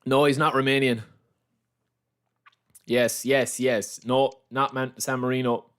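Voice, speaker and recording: A man's voice: mid-range voice, little pitch movement, takes it slowly, fairly bright tone. A man streaming a football game, chatting casually and teasing his viewers, repeating himself as he rambles. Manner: teasing banter with chat, calls everyone lads. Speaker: gaming livestreamer. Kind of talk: casual live-stream chat while playing.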